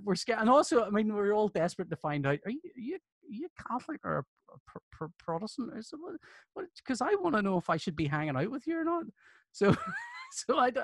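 Animated Northern Irish man, dry close mic. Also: fairly high pitch, dry recording. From Northern Ireland. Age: 50s. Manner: animated, jokey storyteller who breaks into laughter. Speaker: podcast guest, comics artist. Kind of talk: casual chat.

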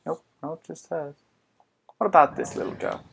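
A man commenting on his own gameplay in an excitable, joking way, often exclaiming to himself. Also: a little high, moderate pace, creaky, a little hiss or hum. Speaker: gaming video host. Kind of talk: let's play commentary.

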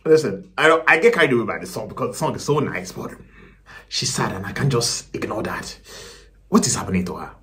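A man's voice: mid-range voice, fast, slight background noise. A young Nigerian man with a Nigerian accent, hosting a casual reaction video and asking viewers lots of questions. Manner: animated, asks the viewers many questions, swears now and then. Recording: loud music under the voice. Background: song playing loudly.

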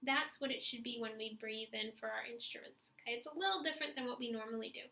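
A woman with a fairly high, pushed and bright voice moves at a quick pace through an instructional clarinet lesson. She encourages her students and takes them step by step through stretches and breathing, breathing and sighing audibly as she shows them. The recording is low quality and reverberant.

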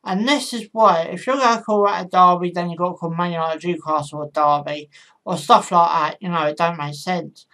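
A woman hosts her own football channel and talks through her match predictions casually and hesitantly, with lots of ums and self-corrections. Her voice sits on the low side, with a brisk pace and a fairly bright tone.

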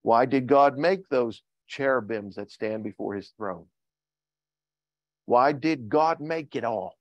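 An older man preaching a sermon as pastor, reading scripture slowly with rising emphasis, then talking plainly to his church. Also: medium pitch, no echo. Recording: dull lo-fi sound.

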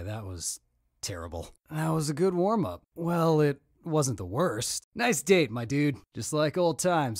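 A man's voice: mid-range voice, no echo, clean studio sound. An actor playing a friendly young male buddy, talking with upbeat, bro-ish encouragement.

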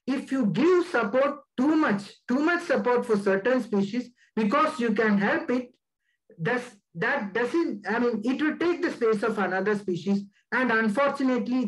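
A man's voice: very high voice, low-quality recording. Male guest speaker, earnest and emphatic, lecturing to students. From India. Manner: earnest, emphatic, stresses key words. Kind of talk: talk on wildlife conservation.

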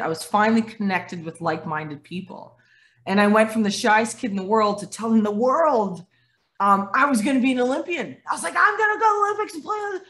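A woman in her forties from Dominica who grew up in Canada, talking as a guest on a video call and acting out the voices in her stories. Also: mid-range voice. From Dominica, raised in Canada. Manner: animated storyteller, acts out quoted voices, laughs often. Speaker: guest speaker, former athlete.

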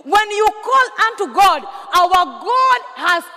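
A woman pastor, preaching a sermon with call-and-response questions and sudden shouted bursts. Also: very high-pitched, lively intonation, slow, big-room sound. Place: large church hall.

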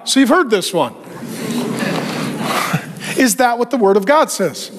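A man preaching a sermon as a pastor, animated and joking, and acting out the voices he quotes. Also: very high voice, slow, pauses often, crowd noise.

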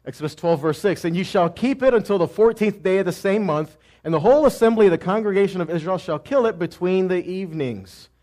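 High-voiced man preaching a lively sermon. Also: quick pace, few pauses. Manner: asks the audience questions and answers them himself; swings between loud cries and quiet asides. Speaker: messianic teacher. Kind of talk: teaching sermon.

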